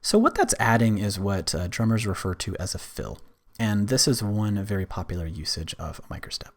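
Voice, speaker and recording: A man presenting a screen-recorded music software tutorial, explaining step by step in a relaxed way with frequent fillers. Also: on the low side, slightly rough.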